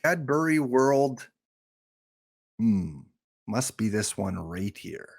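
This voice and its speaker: A man's voice: mid-range voice, big pitch swings, takes it slowly, vocal fry. A man streaming a game live, chatting and joking with his viewers. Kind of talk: casual live-stream chat.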